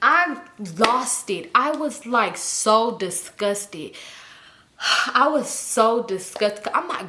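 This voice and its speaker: A woman with a slightly high voice tells a personal storytime to her viewers. Her delivery is blunt, heavy on profanity and dramatic emphasis, and it stays casual and conversational throughout. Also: slow, slight background noise. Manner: animated, dramatic delivery with bursts of laughter. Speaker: storytime YouTuber.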